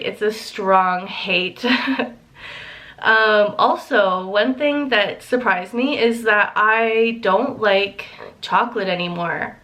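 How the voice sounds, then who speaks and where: A woman's voice: mid-range voice, a bit bright. A young woman chats casually and unhurriedly with her viewers, her words strung together with likes and ums. She breaks into small giggles often and sounds a little emotional at times. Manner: giggly, chatty, lots of fillers. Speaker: vlogger. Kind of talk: casual chat.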